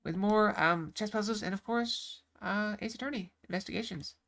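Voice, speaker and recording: Gravelly-voiced woman streamer chatting. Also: mid-range voice, moderate pace, fairly bright tone. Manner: rambling, with many fillers and restarts. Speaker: game streamer. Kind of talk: casual live-stream chat.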